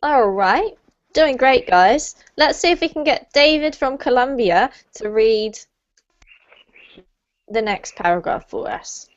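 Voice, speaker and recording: A woman teaching an online English lesson, encouraging her students, laughing often and modelling words slowly. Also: on the high side, expressive. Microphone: video call. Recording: slightly muffled video call audio.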